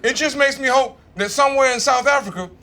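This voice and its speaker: Bright-voiced Southern man, drawling stand-up. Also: very high voice, fast. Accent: Southern American. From American South. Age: 50s. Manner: drawling, conversational, profane. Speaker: stand-up comedian. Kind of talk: stand-up comedy set. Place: comedy stage in front of a live audience.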